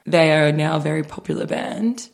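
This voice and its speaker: A woman's voice: low-pitched, normal speed, vocal fry. A young woman, co-hosting a casual chat podcast, teasing and telling stories. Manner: teasing, chatty storyteller. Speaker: podcast co-host.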